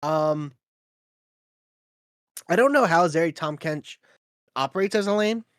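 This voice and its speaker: A man casting an esports match, easygoing, laughing often and filling pauses with ums. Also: fairly high pitch, a bit bright, clear, resonant tone, no room sound, clean studio sound. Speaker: esports caster. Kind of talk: play-by-play commentary.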